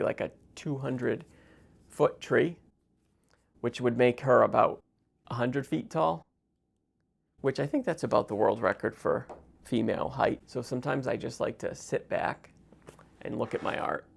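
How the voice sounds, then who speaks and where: Gravelly sarcastic man chatting while drawing. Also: mid-range voice, a little hiss or hum. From United States. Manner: sarcastic, jokey, talks to himself. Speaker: visual artist. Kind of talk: stream-of-consciousness drawing vlog.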